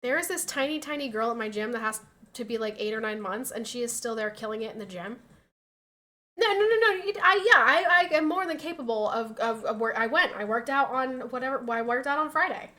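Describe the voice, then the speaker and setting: A woman's voice: on the high side, fast, pushed and bright. A young woman streamer chatting casually with her viewers, laughing often and acting out what other people said. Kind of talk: casual chat reading viewer messages.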